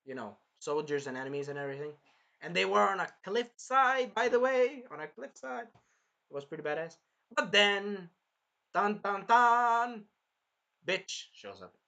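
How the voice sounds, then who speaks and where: A man recapping an anime episode in an excitable, rambling way, jumping between plot points. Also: sits high, normal speed, creaky. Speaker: anime reviewer.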